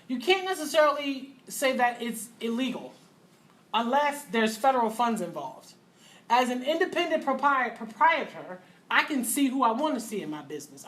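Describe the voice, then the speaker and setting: A middle-aged woman teaching a classroom full of students, her voice sitting a little on the high side. She talks in an animated, joking way and slips into little acted-out voices. A faint hiss of background noise stays under her. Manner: animated, acts out voices and asides, laughs often. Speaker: physical therapy instructor. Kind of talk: classroom lecture.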